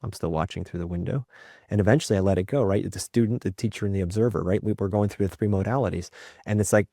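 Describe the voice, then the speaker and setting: A man with a fairly low voice tells candid family stories as a podcast guest. He is reflective and often checks in with "right?" He brings quoted moments to life with a jump in energy, and the sound is dry and close. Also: fast, no echo. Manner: lively acted-out quotes in his stories. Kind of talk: candid storytelling in conversation.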